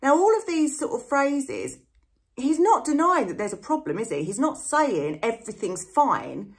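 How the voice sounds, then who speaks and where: A chatty woman teacher walks through a novel in a relaxed lesson. Her talk is loose and full of "sort of" hedges, and she sums up the characters in everyday slang. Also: high voice, moderate pace. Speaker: literature teacher. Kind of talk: casual explanatory lesson.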